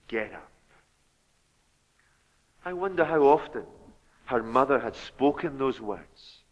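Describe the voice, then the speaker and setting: A man preaching a sermon, slow and deliberate, rising to loud, fervent exhortation. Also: mid-range voice. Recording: long hall reverb, dull lo-fi sound.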